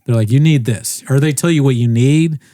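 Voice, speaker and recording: Brief: young male podcast co-host, casual storyteller, mid pitch, dead-dry mic. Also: brisk, dry recording. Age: young adult. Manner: rambling, animated, mimics others' voices.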